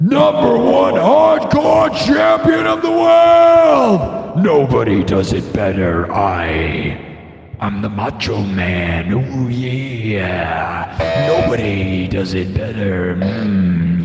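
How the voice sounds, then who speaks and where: A man doing an impression of a boastful macho pro wrestler, yelling drawn-out boasts as he cuts a promo. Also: deep voice, roomy sound, in a large hall, pitched below the performer's own voice, full character voice. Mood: shouting boasts.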